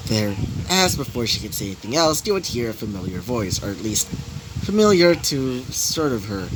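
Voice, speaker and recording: A man's voice: mid-range voice, big pitch swings, moderate pace, background noise. A man improvising a fan story, rambling with many fillers.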